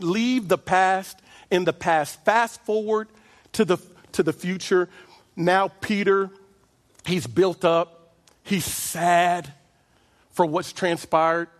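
Male pastor, sermon, high voice, animated delivery, long hall echo. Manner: animated preaching, drawn-out phrases, chuckles.

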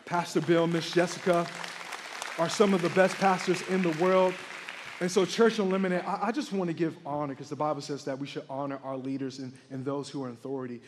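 A young man from Texas preaching a lively sermon as a middle school pastor, energetic and calling out to the congregation. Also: fairly high pitch, brisk, a faint crowd, a little hiss or hum. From San Antonio, Texas. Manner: energetic, hype, calls out to the congregation. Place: large church hall. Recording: live church hall with long reverb.

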